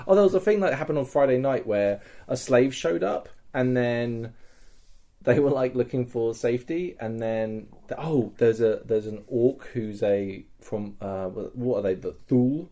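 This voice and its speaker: Swearing, animated male podcast host. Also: medium pitch, moderate pace. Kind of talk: casual chat, storytelling.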